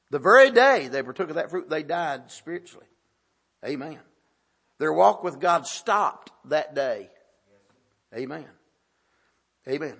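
Preacher guy, high bright voice, swoops all over, lots of amens. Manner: preaching with frequent "amen" and dramatic emphasis. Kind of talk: sermon.

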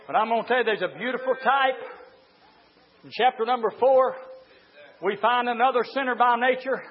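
A man preaching a fiery revival sermon, shouting and chanting in drawn-out emphatic phrases. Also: extremely high pitch. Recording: dull lo-fi audio in a reverberant church.

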